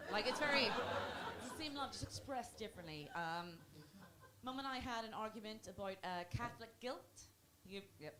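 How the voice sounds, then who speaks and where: A woman's voice: on the high side, expressive, normal speed. A woman performing a stand-up set in a comedy club, dry and self-mocking, chatting with the crowd. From Ireland. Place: comedy club before a live audience. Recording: live club recording with audible noise.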